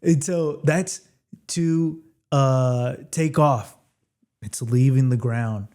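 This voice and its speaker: A man teaching English phrasal verbs in a casual video lesson, chatty and repeating phrases slowly for learners. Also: medium pitch, warm tone.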